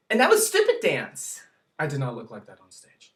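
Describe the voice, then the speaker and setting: A man ranting casually in a vlog, hyper and excitable, swearing freely and breaking into giggles. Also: on the high side, normal speed. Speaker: vlogger. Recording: echoey room, from far off.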